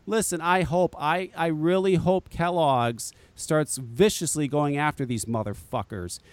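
A man's voice: fairly high pitch, measured pace, dry recording. A man on a podcast chatting casually and ranting in an exasperated, profane way. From Connecticut, US. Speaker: podcast co-host, vape shop owner.

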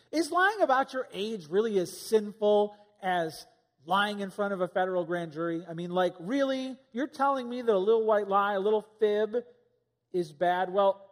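A pastor delivers a sermon in a high male voice, talking to the congregation like a conversation and tossing out rhetorical questions. His voice carries a long reverb from a large hall.

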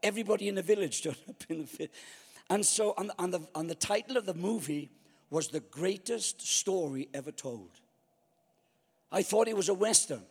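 A man's voice: sits high, lively intonation, normal speed, darkish tone, husky, long reverb tail. A man preaching a storytelling sermon, acting out his own past thoughts.

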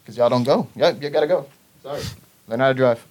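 Young man, animated storyteller, casual chat, average pitch. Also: quick pace. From Boston area. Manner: animated storytelling, acts out quoted voices, laughs through lines. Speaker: friend telling a story.

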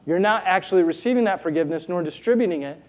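A man's voice: sits high, lively intonation, fast. A man preaching a sermon as a pastor, earnest and rhetorical, often checking in with the congregation with "right?".

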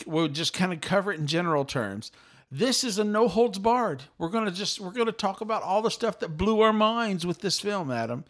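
A middle-aged man hosts a podcast with rambling excitement and keeps restarting his sentences. His voice sits fairly high for a man. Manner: animated, talkative, repeats himself. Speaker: podcast host. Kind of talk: excited casual chat.

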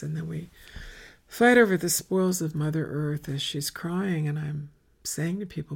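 A woman giving a meditative spiritual talk at a retreat, soft and often dropping to a whisper, with long incantatory lists. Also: sits low, measured pace, creaky, husky.

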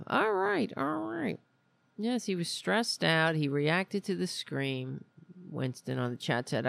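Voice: mid-range voice, creaky, fairly bright tone, no room sound. A podcast host in casual political talk, rambling and grumbling with lots of restarts, sounding irritable.

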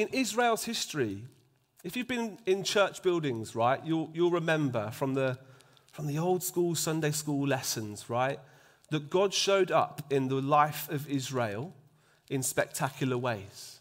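A man's voice: medium pitch, expressive, a little slow. A man preaching a sermon in a conversational way, often asking the congregation for agreement and dropping to a near-whisper for emphasis.

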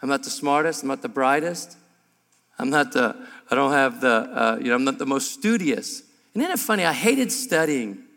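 A pastor delivers a sermon with bright, forceful energy and a humorous streak. He talks to a live room of men, and the sound rings out with a long reverb. His voice sits at a middling pitch for a man. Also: expressive, normal speed, gravelly. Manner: emphatic, humorous, gets louder and higher as he builds. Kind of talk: sermon at a men's breakfast. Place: large room before an audience.

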